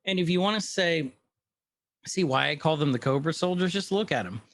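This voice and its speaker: A man's voice: fairly high pitch, lively intonation. Chatty man recapping a show. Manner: rambling, retells scenes with quick quoted lines. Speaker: podcast co-host. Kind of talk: casual chat recapping a TV episode.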